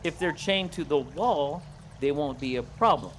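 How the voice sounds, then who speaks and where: A man's voice: a little high, normal speed, fairly bright tone, slight background noise. A man playing a tabletop game, talking casually and questioning the others in a cautious way. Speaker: player.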